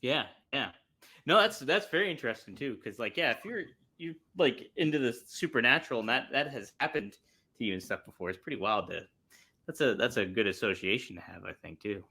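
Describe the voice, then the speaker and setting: Bright, lively man reacting in chat. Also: mid-range voice, a little fast, slightly rough. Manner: reacts often with short remarks and laughs. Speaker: podcast co-host. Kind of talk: casual chat.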